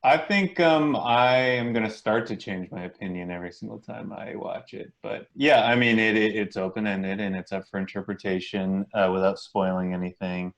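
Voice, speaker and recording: A male actor being interviewed, talking in a relaxed way and thinking aloud. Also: lowish voice, normal speed, hardly any pauses. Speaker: actor guest. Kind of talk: casual interview.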